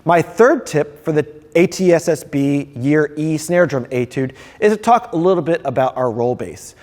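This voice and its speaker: A man's voice: fairly high pitch, normal speed, darkish tone, in a large hall. A man, a percussion professor, explaining snare drum rolls step by step in a friendly instructional video.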